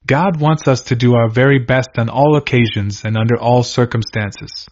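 A man reading aloud from an old diary in a steady, measured, earnest way. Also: medium pitch. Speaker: reader. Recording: dull lo-fi recording.

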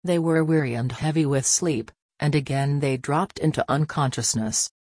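A woman reading a devotional religious text aloud in a measured, solemn narration. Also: sits low, a little mellow, no echo, studio quality. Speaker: reader.

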